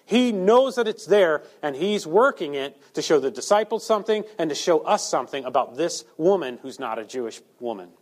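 A male preacher delivers a sermon with a high, animated voice that swoops far up and down. He keeps asking his listeners rhetorical questions and acts out the quotes he gives. His pitch stays well above most men's. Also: normal speed, hardly any pauses.

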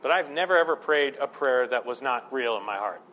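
A man's voice: medium pitch, animated, a little fast, bright, forceful tone, slight background noise. A man preaching a sermon as pastor, conversational and self-deprecating, building to fervent emphasis.

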